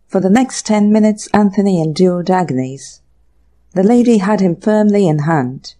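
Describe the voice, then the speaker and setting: An audiobook narrator reading a classic mystery story in measured, even scripted narration. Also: mid-range voice.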